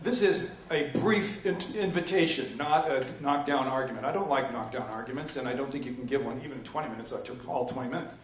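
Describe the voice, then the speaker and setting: A man's voice: mid-range voice, a little fast, few pauses, recorded from a distance. Man lecturing in an echoey hall. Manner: lecturing, animated, with many ums and uhs. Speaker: philosophy professor in a debate. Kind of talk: public debate presentation. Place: university lecture room. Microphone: distant from the microphone. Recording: echoey room recorded from afar.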